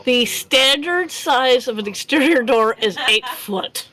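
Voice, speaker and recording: A woman's voice: high-pitched, expressive, slow, bright, forceful tone, slight background noise. A woman running a tabletop game as game master, chatty and giggly, often restarting her sentences.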